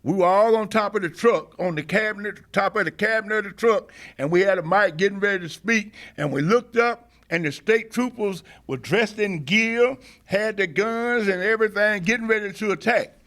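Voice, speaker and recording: A high-pitched older man recounting events as an interview guest. His storytelling is impassioned and oratorical, with frequent hesitations and restarts. It builds into the rhythm of a rally speech. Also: moderate pace, few pauses, fairly bright tone. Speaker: interview guest, veteran activist. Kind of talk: oral history storytelling.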